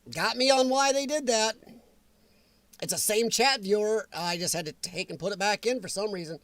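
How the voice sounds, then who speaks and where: A man hosting a casual live-stream chat from his computer, rambling and grumbling about a software update. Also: high-pitched, a little slow, pauses often, no echo.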